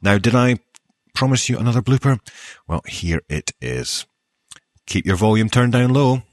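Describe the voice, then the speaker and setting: A man hosting a podcast who chats in a light, good-humoured way and rattles off quick lists of thanks. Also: mid-range voice, animated, a little mellow, dry recording, clean studio sound. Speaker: podcast host and newsreader. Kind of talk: casual podcast sign-off.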